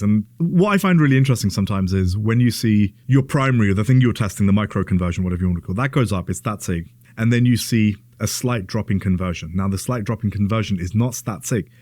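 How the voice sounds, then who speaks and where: A man's voice: lowish voice, a little mellow, no room sound, clean studio sound. A man co-hosting a podcast, explaining his views in a thoughtful, casual way. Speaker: podcast co-host. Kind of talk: casual conversation.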